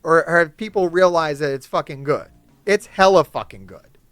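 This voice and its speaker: A man giving casual gameplay commentary to his chat, swearing often and ranting excitedly about characters. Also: a little high, moderate pace, no room sound, soft background music. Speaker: gaming YouTuber.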